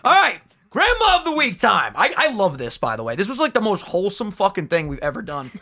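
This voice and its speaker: Hyped young dude podcasting, high bright voice, swings all over, swears a ton. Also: male voice, brisk, creaky. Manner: excitable, swears a lot, bursts into high laughs. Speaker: podcast co-host. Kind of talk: casual podcast chat.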